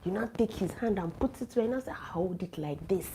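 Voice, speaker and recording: A woman's voice: mid-range voice, expressive, a little fast, mellow, a little hiss or hum, rough recording. A woman, sick with a flu, giving frank and teasing relationship advice straight to her listeners. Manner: blunt, teasing, lecturing directly to listeners. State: has a flu, coughing. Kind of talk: frank advice talk to camera.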